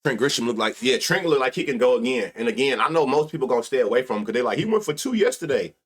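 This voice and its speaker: A medium-pitched man from the United States fires off words rapidly while hosting a live sports-betting show. He keeps it casual with heavy slang and profanity, laughing a lot and muttering stats quietly to himself.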